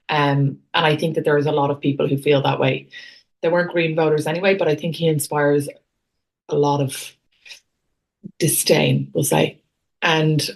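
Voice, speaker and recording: A woman's voice: deep voice, darkish tone. A woman co-hosting a political podcast, giving blunt, wry opinions with dry humour. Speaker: podcast co-host. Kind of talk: casual political chat.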